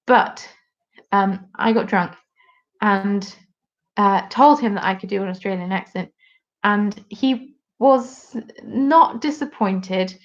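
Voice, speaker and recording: A woman's voice: mid-range voice, muffled recording. A British woman in her twenties hosting a live craft stream, chatting casually and teasing herself while reacting to viewer comments.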